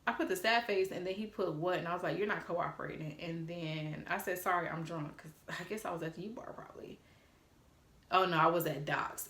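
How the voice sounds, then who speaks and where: A woman telling a casual storytime on her phone, animated and swearing freely as she quotes text messages aloud. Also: on the low side, reverberant. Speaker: vlogger.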